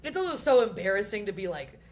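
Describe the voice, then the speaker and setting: A woman's voice: mid-range voice, big pitch swings, quick pace, a little hiss or hum. Young woman swearing and laughing in chat. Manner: candid, swears freely, laughs often. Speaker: podcast co-host. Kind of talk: casual comedic chat.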